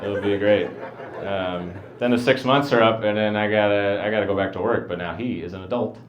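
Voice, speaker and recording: A man doing a stand-up set, mumbling in a flat deadpan. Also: lowish voice, fairly quick, roomy sound, a little hiss or hum. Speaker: stand-up comedian. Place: comedy venue with a live audience. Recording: dull lo-fi live recording with crowd.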